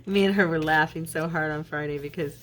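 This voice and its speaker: A middle-aged woman with a notably low voice chats casually while working on a craft project. She tells stories and laughs often. A faint hiss sits under her voice. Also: a bit bright. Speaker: crafting channel host; minister.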